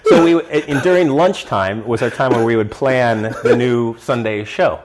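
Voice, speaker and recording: A man reminiscing casually on a podcast, an agreeable, expressive co-host. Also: mid-range voice, moderate pace, heavy background noise.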